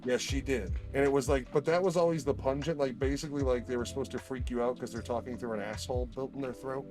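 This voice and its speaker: A man's voice: mid-range voice, steady tone, fast, music in the background. A man co-hosting a live stream, trading crude wisecracks in casual chat.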